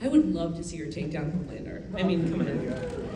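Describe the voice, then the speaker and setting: A woman's voice: on the low side, very animated, a little fast, crowd noise. A woman in her thirties, an actor answering fan questions on a convention panel in a chatty, laughing way with many restarts. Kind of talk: casual panel Q&A. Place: convention hall. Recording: roomy hall audio from a far mic with faint ambience.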